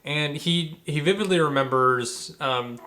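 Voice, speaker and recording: A man's voice: a little high, measured pace, bright, forceful tone. A man co-hosting a podcast, explaining at length in a casual, rambling way with many fillers and restarts. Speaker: podcast co-host. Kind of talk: casual chat.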